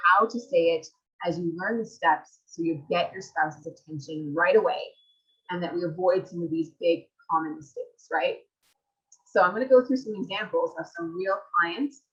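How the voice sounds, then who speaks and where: A woman's voice: on the low side, a bit bright, lo-fi sound. A woman marriage coach presenting a live webinar, reading out audience comments and asking rhetorical questions.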